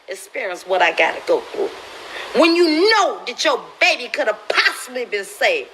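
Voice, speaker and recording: A mother speaking on a livestream, pleading and preaching, sometimes breaking into shouts. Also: fairly high pitch, sing-song, moderate pace, a little hiss or hum, poor audio. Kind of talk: emotional livestream address.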